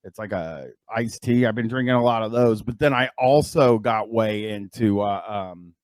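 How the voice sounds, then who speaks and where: A middle-aged man co-hosting a casual podcast, reacting loudly with laughs and swearing. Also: lowish voice, normal speed, no echo, studio quality. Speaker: podcast co-host. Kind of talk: casual chat.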